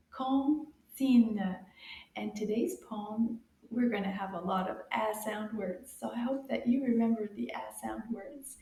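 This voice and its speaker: A woman runs a French lesson for young children in a slow, unhurried rhythm. She is bright and coaxing, and she says each word loudly so the kids can echo it back. Her voice rings a little, as if she is recording in an echoey room. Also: fairly high pitch.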